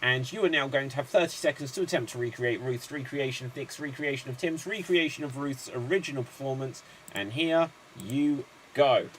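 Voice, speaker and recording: A man hosting an online improv show, briskly announcing games and rattling off long chains of names. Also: mid-range voice, a little hiss or hum.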